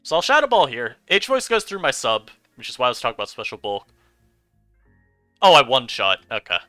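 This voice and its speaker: Man, gameplay commentary, animated, very bright tone, dry close sound, soft music underneath. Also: mid-range voice, brisk, dry recording. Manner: animated, chatty, laughs often. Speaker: online game streamer.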